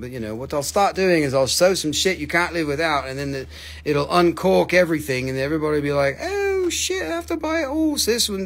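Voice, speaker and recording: Male host of a live rock sale; rambling, jokey and profane, slightly high-pitched. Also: a bit bright. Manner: forgetful, filler-heavy. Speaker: host selling rocks on a live stream. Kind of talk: casual live sales chat.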